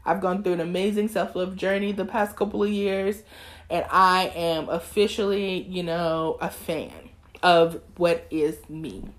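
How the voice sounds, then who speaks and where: Young woman host, twenties, chatty and animated, breaks into sermon-style exhortation. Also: fairly low pitch, unhurried. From East Texas. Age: 20s. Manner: lively, talkative, preachy bursts. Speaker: podcast host. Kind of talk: casual chat.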